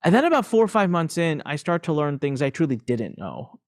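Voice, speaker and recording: Man, podcast guest, animated and self-mocking, very lively pitch, dry close sound. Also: no room sound. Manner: animated, self-mocking, jokes and laughs often; frequent fillers and restarts, quick asides. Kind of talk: candid conversational storytelling.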